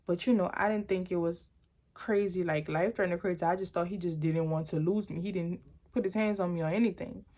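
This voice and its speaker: A woman's voice: lowish voice, fairly even intonation, fairly quick, warm tone. Chatty young woman telling a story. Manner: chatty, rambling, dramatic retelling. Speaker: vlogger. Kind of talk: storytime vlog.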